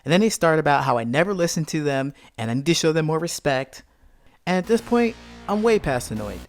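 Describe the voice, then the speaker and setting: A man's voice: on the high side, brisk, soft background music. A man hosting a podcast, telling a personal story in a monologue and acting out the scenes. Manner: animated, reenacts scenes with voiced quotes. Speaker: podcast host.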